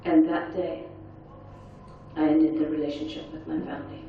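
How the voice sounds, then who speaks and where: Speaking with a deep voice and flat delivery, a middle-aged woman tells an intense, earnest personal story at a forum session, acting out quoted lines. Her speed is normal but she pauses often, and there's slight hiss or hum. Captured in a large conference hall, the audio is echoey, far-off and dull.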